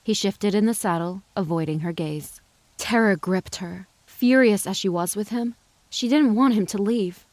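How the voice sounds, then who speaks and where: Female audiobook narrator, measured and even, mid pitch, dry booth sound. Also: no echo. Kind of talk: scripted narration.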